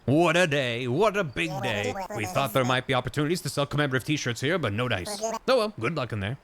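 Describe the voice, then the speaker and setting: A man's voice: medium pitch, sing-song, quick pace, over music, lightly acted. A man voicing a fussy, thrilled gnome chronicler in a video game, prim and full of wonder.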